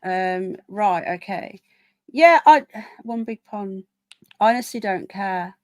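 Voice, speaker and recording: A woman's voice: medium pitch, lively intonation, takes it slowly, dry recording. A woman with a Birmingham accent, hosting a live stream in casual chat and reading out viewer comments. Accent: Birmingham English. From England. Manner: chatty, rambling, reads out viewer comments.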